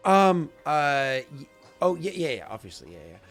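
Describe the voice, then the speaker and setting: A man's voice: fairly high pitch, sing-song, moderate pace, a bit bright, faint music behind. A man narrating as game master, rambling, with restarts and sounds acted out. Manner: rambling, many fillers and restarts, vivid sound effects.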